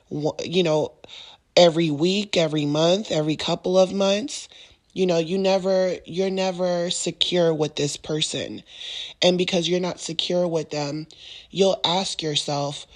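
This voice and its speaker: A woman with a slightly low-pitched voice hosts a casual podcast monologue. She talks in loose, repetitive phrases. She slips into quoted back-and-forth lines, playing both sides of an argument. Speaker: podcast host.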